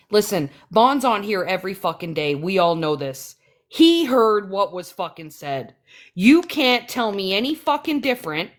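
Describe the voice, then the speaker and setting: A woman ranting heatedly on her livestream, profane, combative and sarcastic. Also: medium pitch. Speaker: livestream host.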